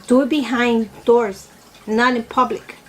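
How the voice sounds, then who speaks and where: A woman with a somewhat high voice gives her opinions in a loose, rambling chat while eating on camera. She keeps filling gaps with "you know" and correcting herself mid-sentence. A faint hiss sits behind her. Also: fairly even intonation, a little slow, poor audio. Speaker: vlogger.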